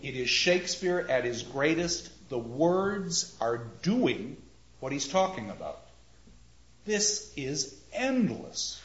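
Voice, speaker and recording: A man teaching a class on poetry, reading lines aloud slowly and rhythmically and putting questions to the students. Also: medium pitch, sing-song. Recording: roomy, dull lo-fi classroom recording.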